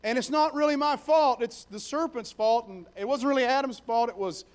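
A man's voice: very high-pitched, normal speed, voice pushed up. A man voicing a woman who whines and shifts the blame onto others, in a defensive, wheedling tone.

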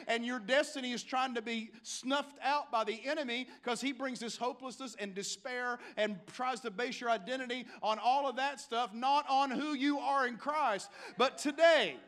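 A man, a pastor delivering a dramatic sermon in church, moving from quiet scripture reading to shouted calls. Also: very high voice, moderate pace, hardly any pauses.

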